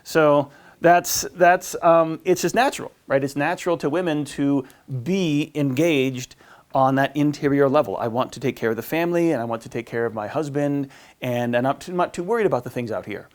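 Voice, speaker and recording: A man's voice: fairly high pitch, normal speed. A man giving a marriage class as a priest, talking informally with lots of fillers and restarts and acting out the voices he quotes. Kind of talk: informal teaching talk.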